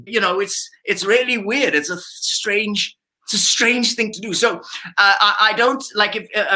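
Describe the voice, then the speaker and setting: A man's voice: high voice, pushed and bright. A ventriloquist voicing a cheeky, outspoken male puppet sidekick, joking sarcastically over a video call. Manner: sarcastic, quick jokes, mock outrage. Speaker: puppet comedian guest.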